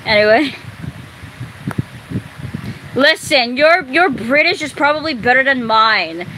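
A woman's voice: sits high, expressive, slow. A young woman chatting casually with friends on a stream, giggly and rambling, swearing often. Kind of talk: casual chat. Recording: noisy background.

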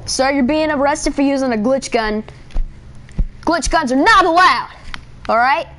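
A man voicing a bossy, self-important male police officer during gameplay commentary, scolding in a pompous rapid-fire way and straining his throat. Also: very high-pitched, bright, forceful tone, exaggerated voice.

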